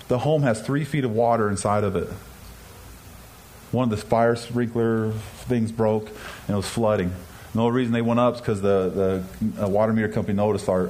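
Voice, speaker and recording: Speaking straight to his listeners, a man with a lowish, darkish voice tells his own story as an earnest, confessional testimony. He acts out dialogue, voicing both himself and others, and the recording is rough.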